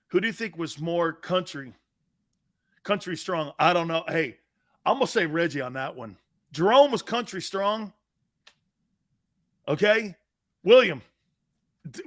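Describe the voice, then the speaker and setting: A middle-aged man hosting a live sports talk show, brash and blunt, swearing freely and jumping between loud bursts and low asides.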